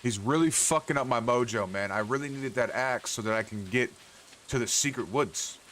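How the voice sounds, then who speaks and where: A man's voice: medium pitch, normal speed, a bit bright, a little hiss or hum. A man streaming a farming game, grumbling and swearing at the characters as he plays. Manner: profane, exasperated grumbling to himself. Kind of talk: casual gameplay commentary.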